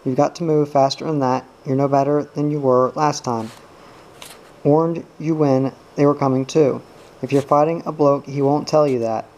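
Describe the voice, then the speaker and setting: A cocky, eager young boxer coaches a sparring partner in a storybook, as a man reads him. His tone is brisk and teasing. The voice is mellow and dark, held fairly flat. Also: a little high, close to an everyday voice, low-quality recording. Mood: coaching. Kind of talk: audiobook reading.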